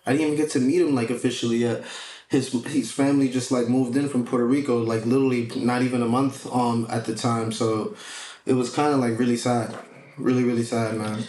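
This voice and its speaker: A man's voice: mid-range voice, level tone, a little fast, a little mellow. A man co-hosting a podcast, telling a story in a loose, profane, casual way. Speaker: podcast co-host. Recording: echoey room with faint noise.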